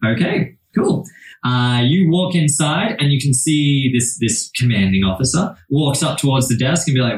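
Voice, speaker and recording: A man narrating as game master in a relaxed, hesitant way, with lots of fillers and restarts. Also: mid-range voice, normal speed. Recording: roomy, distant mic.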